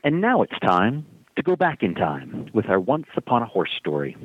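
A man's voice: fairly low pitch, huge pitch swings, normal speed, background noise. A man hosting a podcast, introducing segments and guests in an upbeat announcing way. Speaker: podcast host. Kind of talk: scripted show host intros. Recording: dry, tinny phone-like sound.

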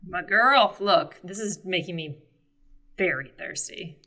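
A woman co-hosting a podcast in casual chat, joking and chiming in with quick agreement. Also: fairly low pitch, pushed and bright. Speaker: podcast co-host.

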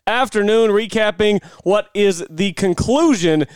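A man hosting a golf podcast, recapping a tournament in an energetic, brisk way. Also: sits high, clean tone, dry recording. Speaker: podcast host. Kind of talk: casual sports podcast chat.

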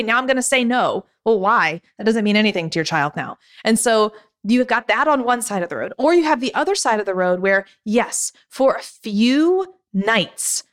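Woman, podcast host, sleep coach, animated, fairly high voice. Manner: animated, quotes parents in put-on voices. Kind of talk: podcast conversation.

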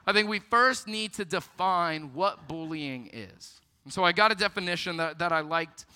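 A young man giving a youth ministry sermon, telling stories about himself in a lively, self-deprecating way. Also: high-pitched, moderate pace, smooth. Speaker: youth pastor. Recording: long hall reverb.

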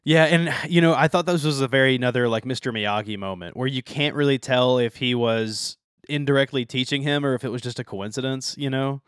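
Dry-sounding man in animated chat. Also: medium pitch, a little fast, few pauses, smooth, no room sound. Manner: animated storyteller, retells scenes with laughter. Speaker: podcast co-host. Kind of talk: casual chat recapping anime episodes.

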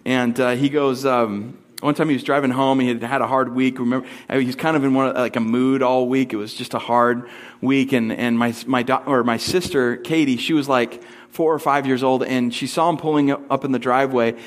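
Telling a family story in a relaxed way during his sermon, a thirtysomething preacher slips into squeaky, high-pitched impressions. He keeps a steady tone and a moderate pace.

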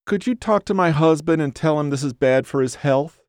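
A man's voice: fairly high pitch, moderate pace, a little mellow, dry recording, clean studio sound, pitched above the performer's own voice, lightly acted. A man putting on a whiny nagging old wife. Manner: nagging, fretful pleading. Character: whiny, nagging older woman, fussing wife. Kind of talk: audiobook character voice.

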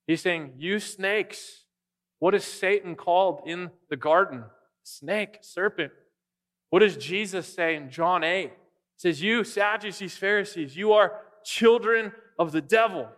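A man's voice: a little high, a bit bright. A man pastor preaching a sermon, direct and emphatic, often posing rhetorical questions to the congregation.

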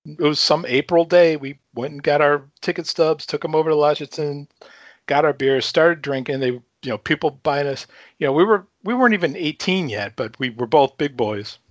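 A man in his fifties from Chicago, guest on a casual talk show, telling a story with lively energy, swearing freely and chuckling between lines. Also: on the high side, normal speed, no echo, dull audio. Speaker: podcast guest.

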